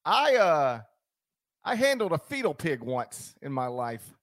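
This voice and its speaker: Lively man hosting sports talk. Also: a little high, a little slow, no room sound, studio quality. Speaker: sports radio host.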